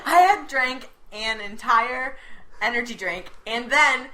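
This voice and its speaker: A woman on a casual podcast, talking excitedly and laughing through her words. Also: a little high, slow, low-quality recording. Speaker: podcast co-host. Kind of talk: casual chat.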